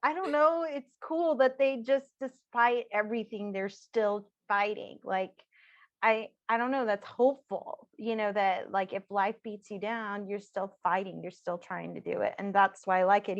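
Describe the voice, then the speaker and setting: A woman's voice: medium pitch, normal speed, no echo, muffled recording. A woman co-hosting a casual chat, talking enthusiastically and mimicking characters with mock exasperation. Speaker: podcast co-host.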